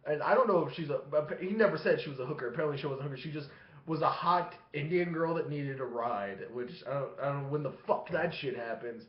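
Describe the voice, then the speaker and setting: A man's voice: on the high side, fast talker. Rambling, swearing man on a lo-fi webcam. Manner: profane, rambling, laughing between phrases. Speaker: vlogger. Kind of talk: casual storytelling vlog. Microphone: webcam facing him. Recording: echoey room, dull lo-fi sound.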